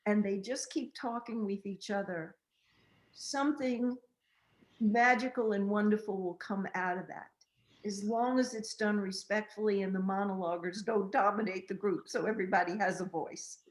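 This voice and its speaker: An older woman, a relationship counselor, telling a story in a gentle, measured and unhurried way during a group interview. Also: mid-range voice, steady tone, echoey room, low-quality recording.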